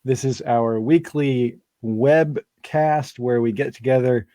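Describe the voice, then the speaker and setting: A man's voice: medium pitch, takes it slowly, mellow, no room sound. A man co-hosting a band's weekly webcast, joking and rambling in casual chat. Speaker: band member co-hosting a webcast. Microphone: home webcast mic.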